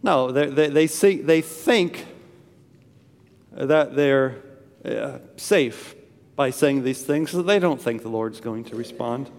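A man's voice: medium pitch, a little slow, vocal fry, darkish tone, big-room sound. A man preaching a sermon in a church, earnest and emphatic, repeating phrases for stress. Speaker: pastor.

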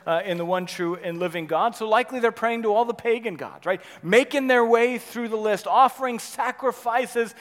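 A man preaching a sermon, swinging between loud urgent passages and quiet, intimate ones, often checking in with "right?". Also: high-pitched, moderate pace, few pauses, long reverb tail. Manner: dynamic preaching, rising loud then dropping soft, frequent "right?". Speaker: pastor.

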